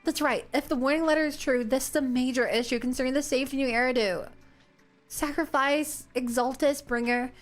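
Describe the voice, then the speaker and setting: A woman reading as a brisk, determined young proxy. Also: sits high, faint music behind, close to an everyday voice. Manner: quick, steady reading of game lines.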